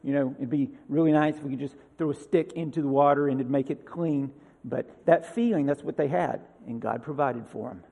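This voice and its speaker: A man's voice: medium pitch, a little fast, vocal fry, mellow. A man preaching a sermon, reading scripture aloud with rising emphasis and breaking into casual asides. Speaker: pastor. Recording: reverberant hall.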